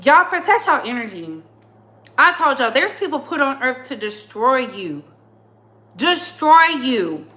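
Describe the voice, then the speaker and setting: A woman hosts her own commentary channel, delivering a heated monologue in a high, very animated voice with a sharp tone. She keeps a measured pace, speaking bluntly and emphatically and repeating phrases for effect.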